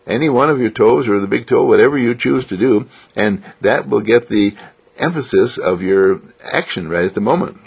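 A man gently guiding listeners through a self-healing exercise, with a coaxing, repetitive manner. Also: lowish voice, expressive, moderate pace, vocal fry, breathy edge. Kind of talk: guided self-healing instruction.

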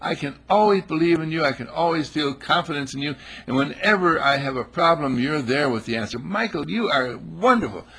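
An adoring wife pours out praise for her husband in a raised, sing-song voice, as a man puts her on. The voice stays very raspy and husky throughout. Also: a little high, expressive, fairly quick, few pauses, bright, forceful tone, voice pushed up, exaggerated voice.

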